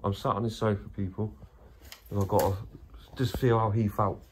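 Urban explorer vlogger, English man, lowish voice, enthusiastic and sweary, faint ambience. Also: normal speed, slight background noise. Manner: excitable, swears, keeps addressing viewers. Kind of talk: casual vlog narration. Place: abandoned house, indoors then grounds.

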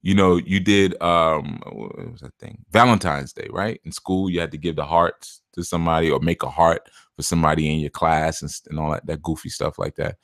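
A man's voice: deep voice, steady tone, brisk, fairly bright tone, dry recording, studio quality. A man giving a casual spiritual talk to his listeners, chatty and laughing often, sometimes acting out voices for quotes. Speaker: spiritual teacher.

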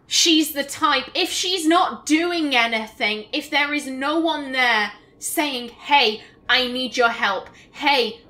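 Woman doing let's play commentary, slow talker, emotional and expressive, bright voice. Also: high-pitched. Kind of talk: gameplay commentary.

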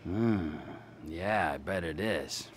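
A man's voice: sits low, slow, slight background noise. An actor playing a volatile, unhinged male criminal in a video game cutscene, sarcastic and swinging into manic cheer. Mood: mocking.

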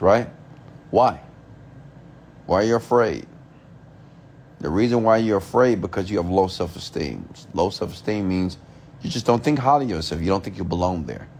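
A man's voice: sits low, darkish tone, slight background noise. A man giving a motivational rant, emphatic and repetitive, asking rhetorical questions and swearing casually. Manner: emphatic, repeats himself, asks rhetorical questions. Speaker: motivational speaker.

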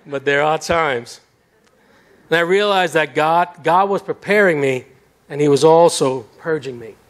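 A middle-aged male pastor with a high voice preaching in a church sanctuary. He tells his own story in a lively, animated way, with a self-deprecating humor. His delivery swings between intimate and exclaiming. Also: measured pace. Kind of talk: sermon with personal testimony.

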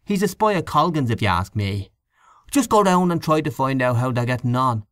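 A man's voice: medium pitch, animated, brisk, fairly bright tone, dry recording, clean studio sound, pitched above the performer's own voice, close to an everyday voice. A man voicing a grumbling, gossipy middle-aged canvasser in a storybook reading, scornful and snuffling, with a conspiratorial manner.

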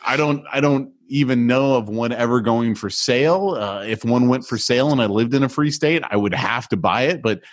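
A man co-hosting a podcast in casual chat, relaxed and rambling with many hesitations. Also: mid-range voice, normal speed, few pauses, no echo. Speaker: podcast co-host.

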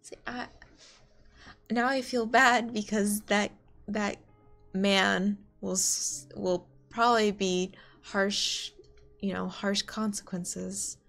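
A woman's voice: mid-range voice, steady tone, slow pace, vocal fry, a bit bright, soft background music. An American woman playing a game and chatting casually about it, giggly and talkative. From United States. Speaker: game streamer. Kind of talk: casual let's play commentary.

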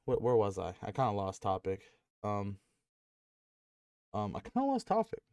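A lowish, darkish voice with huge pitch swings belongs to this young gaming YouTuber, who talks at normal speed in a rambling vlog to camera. Sitting at home with his dog and using a headset, he jokes, swears freely and fills gaps with ums.

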